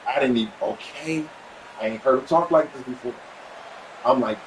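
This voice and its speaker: A man casually telling a personal story, animated and repeating himself as he acts out what was said. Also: moderate pace, long pauses, a little hiss or hum, rough recording. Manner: animated, acts out quoted dialogue with pitch jumps; repetitive, stumbling restarts. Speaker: vlogger sharing a family update.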